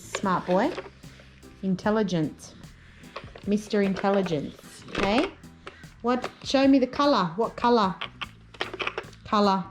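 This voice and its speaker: A woman's voice: medium pitch, takes it slowly, pauses often, low-quality recording. A young woman and mother filming a casual family vlog in a park, coaxing her toddler in a sing-song voice. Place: outdoors in a park. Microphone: handheld phone camera. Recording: background music over the voice.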